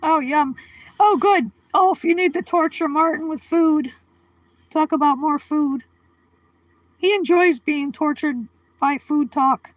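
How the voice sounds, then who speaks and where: A woman's voice: high-pitched, takes it slowly, dry recording, rough recording. A woman hosting a casual livestream, chatting with viewers by name and giggling often. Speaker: livestream host. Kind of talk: casual live-stream chat.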